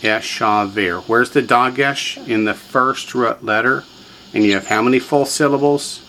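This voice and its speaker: Man, teacher, classroom lesson, mid-pitched voice, drills and quizzes students. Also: steady tone, normal speed, bright, forceful tone, a little hiss or hum, rough recording. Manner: drills students, has them repeat words, quizzes them. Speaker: language teacher.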